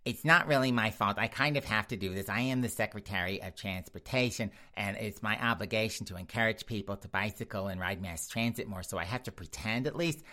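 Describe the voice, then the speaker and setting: A man putting on the voice of a mild-mannered male politician who calmly reassures his spouse. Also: fairly low pitch, brisk, few pauses. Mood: placating. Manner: soothing, reasonable, placating.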